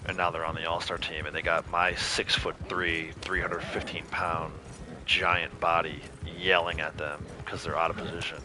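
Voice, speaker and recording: A man's voice: deep voice, level tone, moderate pace, background noise. A man chatting casually while streaming a game, rambling loosely between stories and laughing often. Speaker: streamer and youth softball coach. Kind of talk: casual livestream gameplay commentary.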